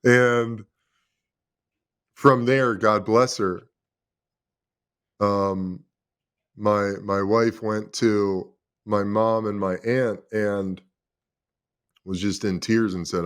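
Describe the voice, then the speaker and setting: A man in his thirties speaks in a low, deep register. He tells his own story as an interview guest. He sounds confessional and emotional and swears freely. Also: fairly even intonation, very slow, pauses often, a bit bright, clean tone. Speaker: podcast guest, former pro football player. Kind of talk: candid personal storytelling.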